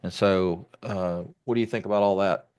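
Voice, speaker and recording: Male podcast host, lower voice, reflective conversational delivery with frequent restarts. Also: steady tone, normal speed, darkish tone, clean tone. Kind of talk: conversational interview.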